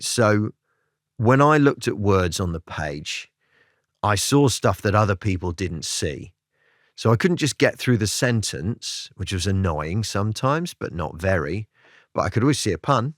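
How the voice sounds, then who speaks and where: A comedian talks in a low voice that swings a lot in pitch, reflective and self-deprecating. The sound is dry and close, with no room around it. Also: male voice, dry recording. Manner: reflective, self-deprecating, lively with bursts of laughter. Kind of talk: candid interview chat.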